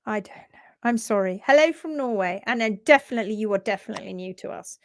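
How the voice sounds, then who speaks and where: A woman hosting a live stream in casual chat, excitedly greeting viewers by name. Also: mid-range voice, fast talker, no echo, clean studio sound. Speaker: livestream host.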